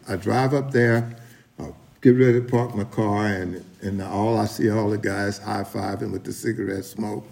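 A man's voice: lowish voice, fairly even intonation, normal speed, gravelly, a little mellow. A middle-aged man sharing his story at a recovery meeting, rambling with many restarts and talking straight to the room. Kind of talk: personal testimony at a meeting.

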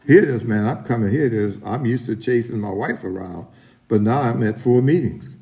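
A man's voice: medium pitch, fairly quick, mellow. A middle-aged man sharing his story at a recovery meeting, rambling with many restarts and talking straight to the room. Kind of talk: personal testimony at a meeting.

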